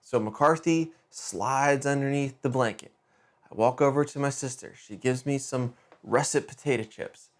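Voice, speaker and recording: Telling a story on his podcast, a middle-aged man speaks in a mid-range voice. The style is casual and conversational, with quick restarts and lively emphasis.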